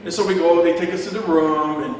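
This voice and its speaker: A middle-aged man preaching a sermon, his voice pitched a little high and heard from some distance in a big echoing church hall. He tells stories with a laugh, slipping into quoted voices. The room's long reverb trails every phrase. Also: steady tone, fairly quick, slight background noise. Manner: storytelling, acting out quotes, chuckling. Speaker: pastor. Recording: echoey hall from far off.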